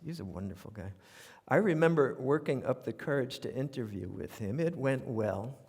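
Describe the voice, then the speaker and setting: A man's voice: mid-range voice, gravelly. An older man with a New York accent telling humorous stories on stage in a wry, conversational way. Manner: wry, conversational, animated asides. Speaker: radio commentator performing essays on stage. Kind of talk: humorous storytelling monologue. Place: theater stage, live audience. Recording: live theater with long reverb.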